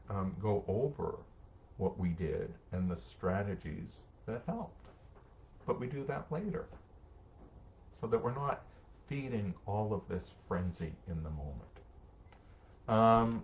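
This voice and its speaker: A man's voice: fairly low pitch, expressive, slow pace, highs cut off. A middle-aged man, a social worker, giving casual parenting advice and answering viewer comments. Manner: warm, conversational, acts out short parent-child exchanges. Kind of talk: live-streamed advice talk reading comments.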